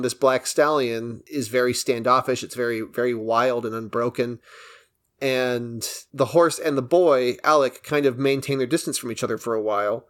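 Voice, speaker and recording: A man co-hosting a casual film podcast, walking through a movie's story with obvious enthusiasm. His voice sits at an ordinary middle pitch, and he keeps the plot retelling going at length. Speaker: podcast co-host. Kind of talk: casual film review chat.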